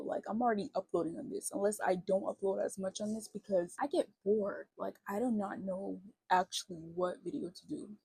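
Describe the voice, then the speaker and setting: Husky-voiced young woman vlogging casually. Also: mid-range voice, warm tone, dry recording, poor audio. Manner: rambling, conversational. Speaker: YouTuber. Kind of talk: casual vlog talk.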